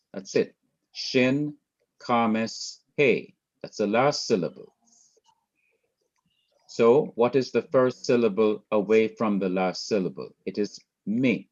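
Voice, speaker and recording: A man with a Jamaican accent teaching Hebrew grammar in a recorded lecture over slides, methodically repeating terms and counting syllables aloud. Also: lowish voice. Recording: dull lo-fi recording.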